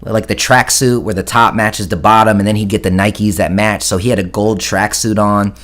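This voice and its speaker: A man's voice: lowish voice, fairly even intonation, moderate pace, a bit bright. A man in his thirties casually telling a long story, profane and rambling, often stopping to correct himself.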